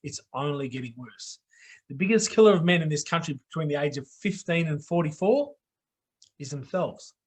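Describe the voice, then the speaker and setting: A man's voice: fairly high pitch, expressive, moderate pace, husky. A middle-aged Australian man hosting a live online talk show in a blokey, down-to-earth way, often checking in with "okay?". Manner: blokey, repeats "okay?" for emphasis. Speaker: host.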